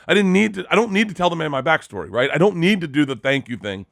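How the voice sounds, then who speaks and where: A man's voice: medium pitch, normal speed, dry recording, clean studio sound. Rambling, foul-mouthed male storyteller. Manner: rambling, animated, swears freely. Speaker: podcast host. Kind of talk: casual comedic storytelling.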